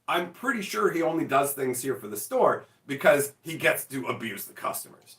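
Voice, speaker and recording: A lively, fairly high-voiced man swings his pitch all over while he acts out stories in mock dialogue and swears without restraint. He sits back from the mic in an echoey room. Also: a little fast, few pauses, distant mic. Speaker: show host. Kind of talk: casual chat.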